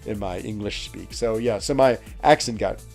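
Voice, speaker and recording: A man's voice: fairly low pitch, moderate pace, vocal fry, a little mellow, soft background music. A man from West Virginia, hosting a game livestream, telling stories in a rambling, chatty way with many fillers and laughs while reading out chat. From West Virginia, United States. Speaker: game streamer.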